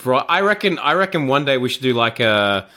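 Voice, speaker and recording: A man co-hosting a casual podcast. His voice is bright and forceful and sits at a middle pitch. He reacts playfully and quickly to his friend. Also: big pitch swings. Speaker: podcast co-host.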